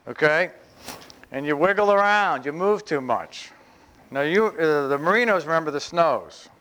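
Smooth-voiced pastor preaching conversationally. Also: male voice, a little high, expressive, a bit bright. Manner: conversational, with humorous asides; emphatic, slowing down to stress phrases. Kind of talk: sermon.

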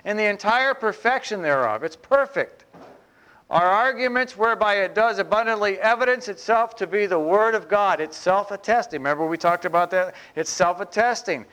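A male pastor delivers a sermon in a smooth, resonant voice that sits slightly high for a man. He talks to the congregation in a relaxed, chatty way with humorous asides. He slows down deliberately to press home key phrases. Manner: emphatic, slowing down to stress phrases.

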